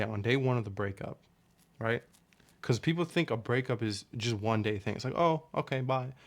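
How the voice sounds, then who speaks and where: A young man giving blunt, profane breakup advice in a casual monologue, animated and acting out his inner dialogue. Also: lowish voice. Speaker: relationship advice talker.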